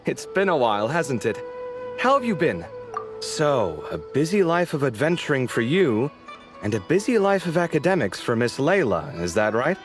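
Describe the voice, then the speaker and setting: An actor playing a dramatic, sociable man who is expressive and quick to bicker. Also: medium pitch, natural voice. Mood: friendly. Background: game music.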